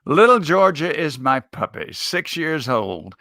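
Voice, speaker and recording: A man being interviewed as a speech coach, giving advice in a measured, emphatic coaching manner. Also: fairly high pitch, big pitch swings, pushed and bright, no echo, clean studio sound. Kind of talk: interview answers.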